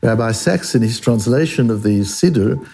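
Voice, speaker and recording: A man's voice: medium pitch, lively intonation, normal speed, gravelly, dark tone, a little hiss or hum. A man teaching a Talmud lesson, asking questions aloud and answering them as he explains.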